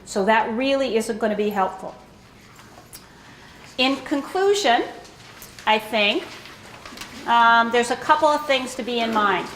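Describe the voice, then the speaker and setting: A woman's voice: fairly high pitch, lively intonation, a little slow, long pauses, fairly bright tone, echoey room, a little hiss or hum. A woman giving an informal talk to a room of caregivers, chatty and often asking "okay?" to check in with the audience. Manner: conversational, checks in with frequent "okay?". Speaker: presenter at a caregiver education talk.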